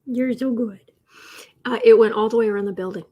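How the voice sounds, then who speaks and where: Woman, tarot livestream host, casual rambling chat, husky tone, lots of fillers. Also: on the high side, fairly even intonation, fairly quick, muffled recording. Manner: rambling, chatty, with many fillers and restarts. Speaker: political tarot and astrology host.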